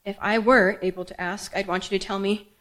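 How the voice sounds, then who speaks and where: A woman's voice: mid-range voice, fairly even intonation, brisk, fairly bright tone, low-quality recording. A young woman, a writer, performing her own raw and intense personal story live on a theater stage. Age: young adult. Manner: raw, intense, emotional delivery.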